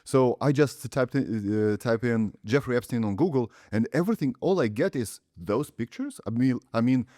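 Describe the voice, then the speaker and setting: A male podcast host talks in a measured, conversational way and moves his points along with questions. His pitch sits in the middle range. The mic is close and dry. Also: animated, dark tone, dry recording. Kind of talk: casual podcast chat.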